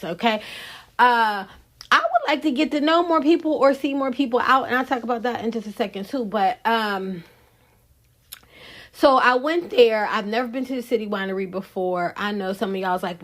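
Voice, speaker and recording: A woman's voice: medium pitch, animated, normal speed. A woman hosting a podcast, chatting casually and frankly to her listeners. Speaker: podcast host. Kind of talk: casual solo podcast chat.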